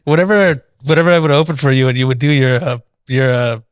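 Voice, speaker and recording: A man's voice: mid-range voice, fast, smooth, no echo, clean studio sound. A man hosting a casual comedic chat who laughs often and talks in a playful way. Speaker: comedian podcast host.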